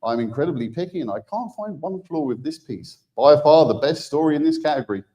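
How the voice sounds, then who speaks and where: A man's voice: a little high, animated, brisk, dark tone, dull audio, voice pushed down, close to an everyday voice. A man doing an exaggerated put-on Texan accent as a hammy, drawling awards announcer who whoops between names. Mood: hammy, whooping. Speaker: awards presenter.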